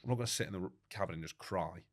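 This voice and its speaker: A man speaks as a podcast guest in a low, deep register, rattling through his story at a fast clip. He talks in a lively, slangy way, correcting himself mid-sentence as he goes, and sometimes sounds choked up. The recording is dry and close, with no room sound. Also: no room sound. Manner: brisk, animated storytelling full of British slang and self-corrections. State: choked up at times. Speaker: guest, record-setting ocean rower.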